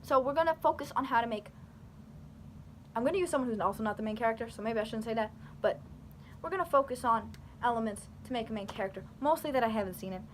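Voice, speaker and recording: A woman's voice: on the high side, animated, fast talker, slight background noise. A young woman rambling animatedly through casual commentary to her camera, full of fillers and restarts. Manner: talks with her hands. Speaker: YouTuber. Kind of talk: casual talking-head commentary.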